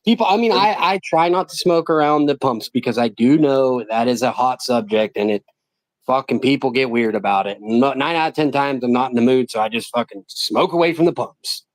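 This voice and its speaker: A man's voice: mid-range voice, fairly quick, no echo. A man streaming live, telling a story in casual chat, swearing constantly and acting out what people said. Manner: profane, animated, acts out quotes in raised voices.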